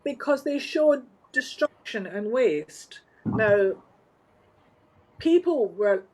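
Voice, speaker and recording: A Scottish woman, a guest from the flower trade, telling stories in an animated, wry and emphatic way. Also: fairly high pitch, slow pace, pauses often, low-quality recording. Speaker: interview guest, floral industry organizer. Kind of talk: conversational storytelling.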